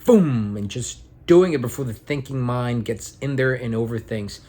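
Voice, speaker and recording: A man's voice: medium pitch, normal speed, darkish tone. A young man talking at home in a casual, reflective vlog monologue, rambling and earnest with some casual swearing. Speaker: vlogger and aspiring actor.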